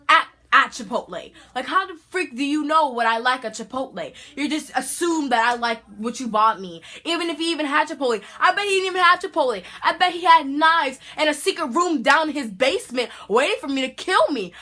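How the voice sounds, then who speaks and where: Teen girl, vlogger, bright tone, fairly high voice, dramatic slangy storytelling. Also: lively intonation, fairly quick, hardly any pauses. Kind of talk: storytime vlog.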